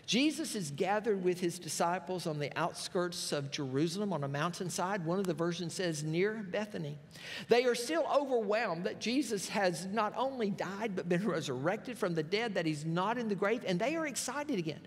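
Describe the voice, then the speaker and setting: A man's voice: high-pitched, animated, moderate pace, a little hiss or hum. A male pastor, preaching a sermon and retelling scripture with folksy asides. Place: church sanctuary. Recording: long reverb of a church hall.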